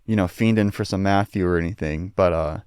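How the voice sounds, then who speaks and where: A man's voice: low voice, a little fast, darkish tone, clear, resonant tone, dry recording, clean studio sound. A man co-hosting a podcast, rambling through a casual chat with lots of fillers and a wry, joking manner. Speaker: podcast co-host.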